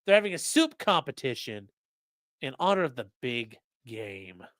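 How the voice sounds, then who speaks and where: A man's voice: mid-range voice, moderate pace, dry recording, clean studio sound. A man co-hosting a livestream, reading sponsor spots in a rambling, sarcastic, joking way and talking straight to the chat. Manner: sarcastic, rambling, deadpan jokes addressed to chat.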